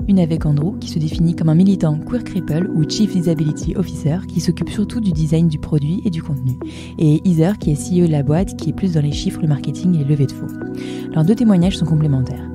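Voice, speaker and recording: A French-accented woman hosts a podcast, reading her intro at a fast clip in a fairly low voice. Clear music plays behind her. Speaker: podcast host.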